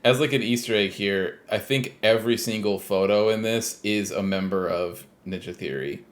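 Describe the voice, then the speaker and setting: A man's voice: fairly low pitch, normal speed. A man co-hosting a podcast, animatedly retelling game scenes and quoting the characters. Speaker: podcast co-host. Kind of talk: casual chat, recapping a game.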